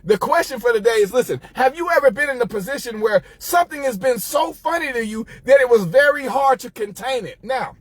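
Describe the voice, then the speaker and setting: High-voiced man telling a funny story. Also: fairly quick, hardly any pauses, breathy edge, no room sound. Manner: animated, laughing, addresses listeners as y'all. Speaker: host. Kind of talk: casual storytelling monologue.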